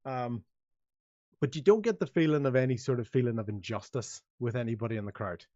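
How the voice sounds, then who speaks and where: A male game master narrating a tabletop roleplaying session in a rambling, restart-filled way, at a middling pitch. The recording is dry and slightly dull, with no room sound. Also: a little fast, mellow, no room sound. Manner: rambling, full of restarts, voicing many characters.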